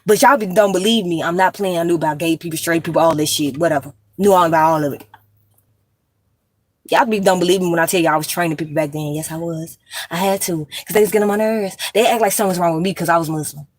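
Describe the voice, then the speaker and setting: A woman's voice: on the low side, fast talker, no room sound. Profane rambling woman, dry close sound. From United States. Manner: profane, rambling, stream-of-consciousness, addresses viewers as y'all. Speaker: vlogger. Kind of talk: rambling monologue to camera.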